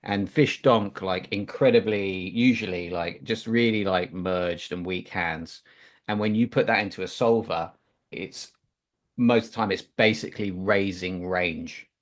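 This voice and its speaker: A man's voice: low-pitched, a little slow. A man chatting casually about poker over an online call, rambling and filling gaps with "like". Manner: rambling, leans on "like" fillers.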